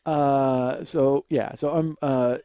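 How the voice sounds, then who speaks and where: A man's voice: medium pitch, fairly even intonation, slow, warm tone, no echo, muffled recording. A man in his forties telling stories in a comedic monologue, rambling with frequent fillers and chuckling as he goes. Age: 40s. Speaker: podcast host.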